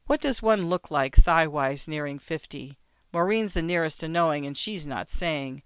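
A man narrating an audiobook in a measured, wry storytelling manner. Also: on the high side, lively intonation, fairly bright tone, clear, resonant tone, no room sound. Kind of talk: scripted narration.

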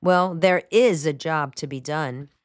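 A woman's voice: low-pitched, measured pace, no echo. A woman voicing an earnest young male soldier who speaks in terse, clipped sentences.

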